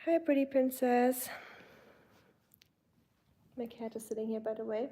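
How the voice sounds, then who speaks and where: German woman on a livestream, mellow voice, kinda flat, chatty with lots of ums. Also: fairly high pitch, a little slow. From Germany, Baden-Württemberg. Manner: chatty, warm greetings to viewers, many fillers. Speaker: livestream host. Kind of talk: casual chat reading viewer comments. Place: home.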